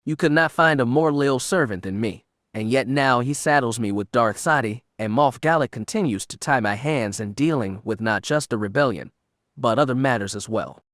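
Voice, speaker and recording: A man's voice: mid-range voice, normal speed, fairly bright tone, dry recording, clean studio sound, lightly acted. A man reading an audiobook, voicing an arrogant, ambitious male magistrate who talks in a self-important, aggrieved manner.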